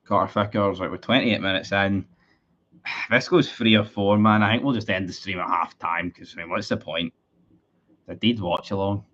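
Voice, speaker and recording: A man's voice: fairly low pitch, steady tone, normal speed, a bit bright, muffled recording. A Scottish man streaming a live football watchalong, chatting with his viewers, frustrated and sweary about his team. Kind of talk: live match watchalong commentary.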